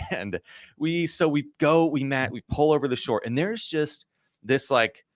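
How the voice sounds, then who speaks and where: A man's voice: mid-range voice, animated, measured pace, no room sound. A man in his thirties, a podcast guest, telling a story in a casual, rambling way full of "like" and "you know".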